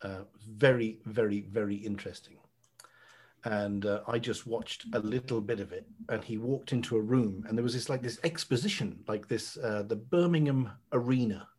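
A man's voice: fairly low pitch, normal speed, a little mellow, husky. An Irish man chatting casually as a podcast guest, telling rambling, playful stories and swearing freely. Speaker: podcast guest, friend of host. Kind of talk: casual chat.

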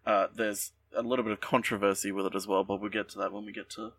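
A man's voice: on the low side, little pitch movement, fast, a bit bright, slightly rough, far from the mic. A man co-hosting a podcast in casual chat, rambling with lots of ums and restarts. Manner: rambling, many fillers and restarts. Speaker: podcast co-host.

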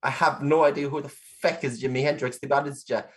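A man's voice: medium pitch, steady tone, fast, husky. A man with a Cork Irish accent, chatting casually as a podcast guest, rambling, laughing often and swearing freely.

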